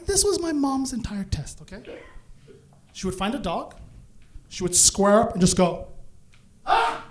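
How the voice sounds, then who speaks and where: On a comedy stage, a man performs live stand-up, spinning a long story with lots of energy, impersonating other people and erupting into sudden shouts. His voice is high for a man and his pace is normal, with a little hiss or hum in the audio.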